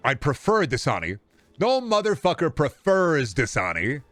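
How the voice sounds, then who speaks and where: A man's voice: mid-range voice, a little fast, dry recording, faint music behind. Profane joking man streamer. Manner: profane, animated riffing with comic put-on voices. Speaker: gaming streamer. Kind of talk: casual rant to stream chat.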